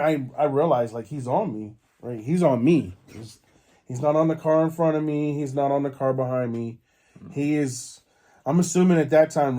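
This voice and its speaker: A podcast host with a warm, mid-range voice tells a meandering story casually, full of filler words and false starts.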